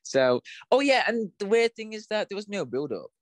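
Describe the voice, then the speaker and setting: A man co-hosting a podcast, chatting casually and excitedly with lots of fillers. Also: high voice, moderate pace, no echo. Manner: excitable, animated, many "like"s and fillers. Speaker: podcast co-host. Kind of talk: casual chat.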